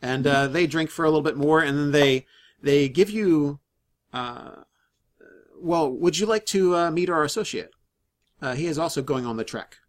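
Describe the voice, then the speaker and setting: A man running a tabletop game as game master, narrating with frequent fillers and restarts. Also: a little high. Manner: halting, many fillers and restarts.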